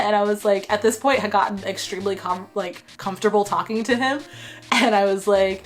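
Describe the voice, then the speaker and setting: Young woman vlogger from Texas, voice a bit worn from a cold, chatty storyteller with lots of "like", soft music under her. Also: mid-range voice, moderate pace. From Texas, USA. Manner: chatty, animated retelling with frequent 'like' and laughs. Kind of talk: casual storytime.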